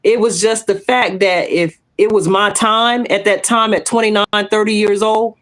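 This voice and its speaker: A woman's mid-range voice moves at a moderate pace as she, a podcast co-host, recounts her testimony in relaxed chat. It is bold, animated storytelling, complete with acted-out quoted voices.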